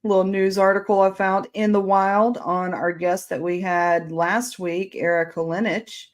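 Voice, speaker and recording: A woman's voice: medium pitch, little pitch movement, moderate pace. A woman hosting a casual talk show, often correcting herself on names. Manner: self-correcting, stumbles on names. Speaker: host. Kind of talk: casual chat.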